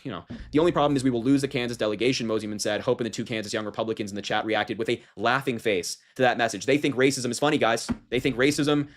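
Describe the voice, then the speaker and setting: A man with a mid-pitched voice talks fast as he reads quotes aloud. His commentary is indignant and sarcastic, and he hammers the worst lines for effect. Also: fairly even intonation. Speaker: political commentator. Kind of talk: reading and commenting on a news story.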